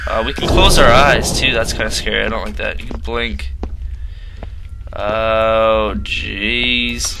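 A man's voice: on the low side, steady tone, takes it slowly, gravelly, background noise. A man hosting a gaming channel, giving casual commentary on a horror game in a rambling way and getting easily startled. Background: game music.

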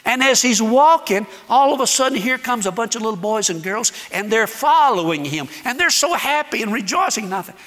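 A man preaching as a guest speaker, telling a story in an animated way and acting out the dialogue. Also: very high voice. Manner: animated, acts out dialogue, dramatic pauses. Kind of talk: sermon storytelling. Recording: echoey hall reverb.

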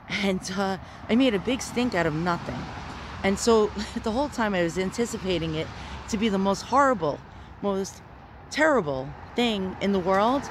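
A woman vlogging on her phone from inside a parked car, rambling anxiously, swearing a lot and talking loudly when nervous. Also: medium pitch, lively intonation, moderate pace, noisy background. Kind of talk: nervous selfie vlog.

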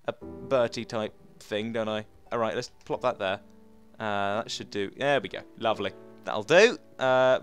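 A young man, excitably chatting his way through a video game as its host. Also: on the high side. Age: young adult. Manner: excitable, chatty, talks to himself. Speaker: gamer host.

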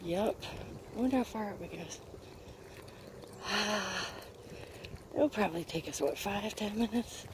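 A woman's voice: medium pitch, slow, long pauses, noisy background. Out-of-breath woman hiking uphill. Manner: chatty, self-mocking, talks to camera while hiking uphill. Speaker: vlogger. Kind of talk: casual walking vlog. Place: outdoors on a park hill.

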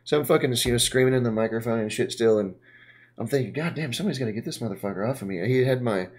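A man's voice: lowish voice, darkish tone. Rambling, cursing man in casual chat. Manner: rambling, profane, trailing off into mumbles. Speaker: podcast co-host, punk singer.

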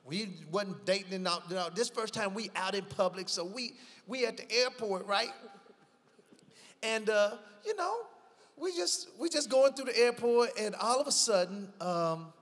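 High-voiced pastor telling lively stories. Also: male voice, a little slow, long reverb tail. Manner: lively, preacherly, breaks into laughter while telling stories. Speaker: pastor, guest. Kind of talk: animated storytelling in casual conversation.

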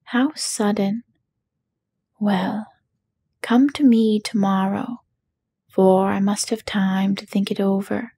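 Whispered role-play: woman doing a trembling old fake wizard, slow and breathy, low-key storybook voice. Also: fairly even intonation, dark tone. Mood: meek. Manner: trembling, meek and pleading. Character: timid little old man posing as wizard.

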